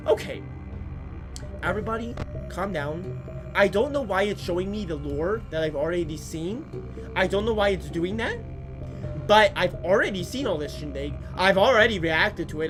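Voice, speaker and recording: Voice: medium pitch, expressive, moderate pace. A game streamer in casual commentary, joking and chatting straight at the viewers. The delivery is playful and loose, bouncing between mock complaints and asides, with faint game music under the voice. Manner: playful, jokey, talks to chat.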